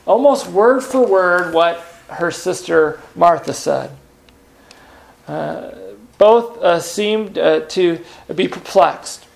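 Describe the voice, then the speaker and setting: A man preaching a sermon in an earnest, unhurried way, pausing with "uh" and asking rhetorical questions. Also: fairly high pitch, creaky. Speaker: pastor.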